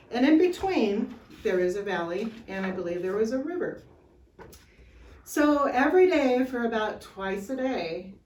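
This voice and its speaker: Slow, chatty woman telling a Bible story. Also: mid-range voice. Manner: slow, chatty, animated retelling with asides. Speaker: Sunday school storyteller. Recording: roomy, from far off, faint hiss.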